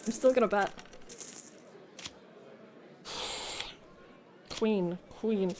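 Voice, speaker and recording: In a mid-range voice with drawn-out words and long pauses, a woman streams her gameplay over faint background noise. She chats to the game, swears, laughs and muses between moves, shifting between low muttering and yelling.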